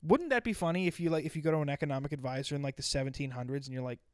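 A man with a slightly higher voice tells long, profane stories in loose casual chat. He restarts often and piles on fillers. The sound is dry and close to the mic. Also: very fast, no room sound. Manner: profane, rambling storyteller with many restarts.

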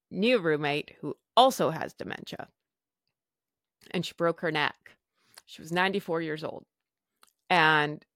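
A woman's voice: sits low, a bit bright, no room sound, studio quality. A woman host telling a candid personal story in a blunt way, swearing and acting out the people she quotes. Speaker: podcast host.

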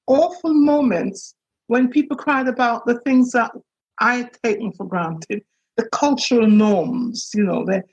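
A woman minister giving an earnest, halting personal account, with many pauses and restarts, on a dull lo-fi recording. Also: on the high side, a little mellow, breathy edge. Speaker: minister and priest. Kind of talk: reflective personal testimony.

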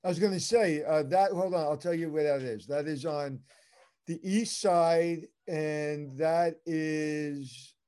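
A man's voice: on the high side, slow, dark tone. A man co-hosting a casual chat, joking easily with his partner. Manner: easygoing, joking back-and-forth. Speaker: podcast co-host.

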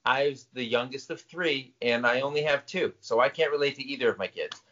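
A man's voice: mid-range voice, pushed and bright. A middle-aged man co-hosting a podcast in casual chat, teasing and interrupting his partner. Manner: teasing, interrupting, quick to laugh. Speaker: podcast co-host. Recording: dull lo-fi podcast audio.

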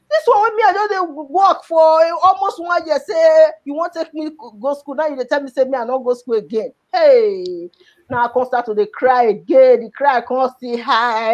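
A Nigerian woman with a high voice and a Nigerian Pidgin accent tells her personal story to an interviewer. She speaks with feeling and repeats words for emphasis. The recording sounds dull and lo-fi. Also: a little mellow. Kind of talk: personal life story in conversation.

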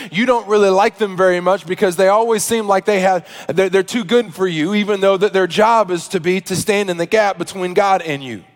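A man preaching a sermon, telling a story that moves between hushed asides and loud, emphatic preaching. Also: high voice, long reverb tail. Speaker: pastor.

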